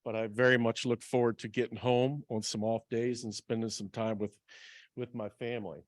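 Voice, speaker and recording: A man's voice: mid-range voice, flat delivery, moderate pace, no room sound. A man in his forties, a baseball manager, giving an earnest, plain-spoken talk to a club audience, with many ums. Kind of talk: personal speech to a club audience.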